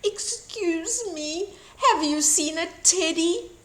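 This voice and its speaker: A woman's voice: extremely high pitch, slow, pitched above the performer's own voice. A woman voicing a young, boastful male wolf in a storybook reading, with sing-song boasts and howls. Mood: desperate. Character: young boastful male wolf, soft about his teddy. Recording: roomy echo.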